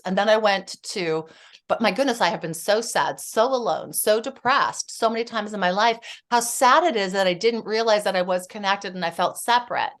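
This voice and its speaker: A middle-aged woman speaking as a therapist guest on a podcast, earnest and spiritual, telling stories with lively energy. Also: medium pitch, moderate pace. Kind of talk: casual podcast conversation.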